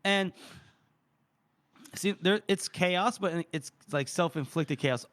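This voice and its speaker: A man's voice: high-pitched, takes it slowly, a bit bright. A man co-hosting a book podcast, playfully recapping chapters with frequent laughs.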